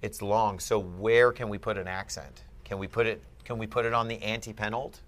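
Low-voiced man tutoring Greek grammar. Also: steady tone, normal speed, a bit bright. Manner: patient, questioning, emphatic on key points. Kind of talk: one-on-one Greek grammar lesson.

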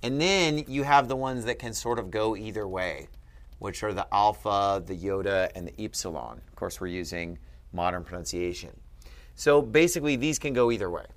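A man's voice: lowish voice, animated, normal speed. A man teaching at a board in a room, explaining patiently and checking in with frequent "okay?".

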